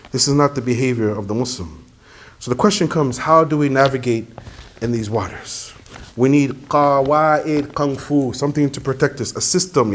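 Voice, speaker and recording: A man delivering a sermon, telling stories with emphasis and dropping in Arabic phrases. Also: medium pitch. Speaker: preacher.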